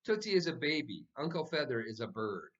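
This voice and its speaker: A man reads a patient storybook mother, calm and matter-of-fact, in a voice raised a little above his own. The sound is slightly muffled. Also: mid-range voice, fairly quick, natural voice. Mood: firm.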